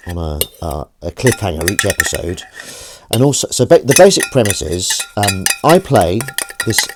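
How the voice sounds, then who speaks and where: Washing up in his home kitchen, a deep-voiced man chats on a live stream through a desk microphone, rambling, poking fun at himself, and now and then cooing at his cat. Background noise is audible.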